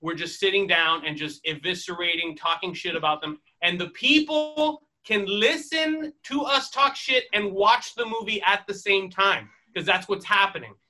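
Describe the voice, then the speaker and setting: A man's voice: sits high, normal speed, hardly any pauses, bright, forceful tone. A man, a guest comedian, chatting casually on a podcast with many fillers and restarts.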